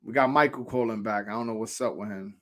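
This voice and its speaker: A fast-talking man with a fairly low voice hosts a casual boxing chat. He's a Brooklyn, New York podcast host who tells his stories in a brash, loud, profane way.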